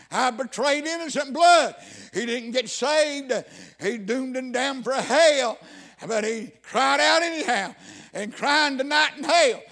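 High-voiced man preaching. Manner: swings from loud cries to low hushed tones. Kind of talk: fiery sermon.

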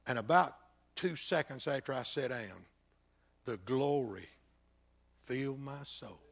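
An older man, a pastor telling a personal testimony that swings between loud bursts and hushed, near-whispered passages. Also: medium pitch, lively intonation, a little slow.

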